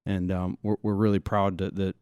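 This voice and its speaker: Low-voiced man, halting speech. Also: little pitch movement, a little mellow, smooth, no room sound, studio quality. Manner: halting, many restarts. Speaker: product line manager. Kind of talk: casual podcast chat.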